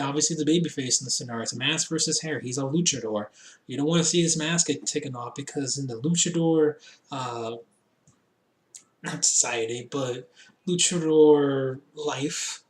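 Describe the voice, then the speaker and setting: Tipsy rambling man in an echoey room. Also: a little high. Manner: rambling, laughs at himself, many fillers. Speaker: wrestling reviewer. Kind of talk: casual video review.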